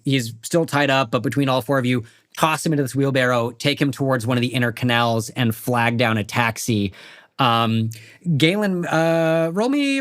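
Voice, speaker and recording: A man running a tabletop game with a relaxed, rambling delivery and frequent laughter. His voice sits a little high for a man, recorded dry and close with no room sound. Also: no echo. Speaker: game master.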